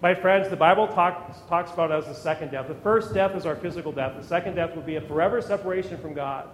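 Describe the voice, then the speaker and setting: A man's voice: a little high, fast, a little hiss or hum. A man preaching a sermon as pastor, with emphatic rises and words repeated as he builds up. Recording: echoey hall with long reverb.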